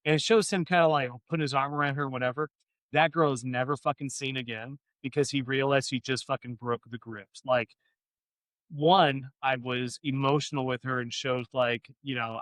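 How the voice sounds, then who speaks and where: A man's voice: mid-range voice, steady tone, a little fast, fairly bright tone, no echo. A man co-hosting a casual podcast chat, rambling, swearing a lot and getting fired up. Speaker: podcast co-host.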